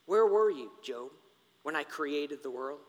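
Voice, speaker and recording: A man voicing God as a stern deity who questions a mortal, slow and grave, in a large reverberant hall. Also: on the high side, animated, pitched below the performer's own voice.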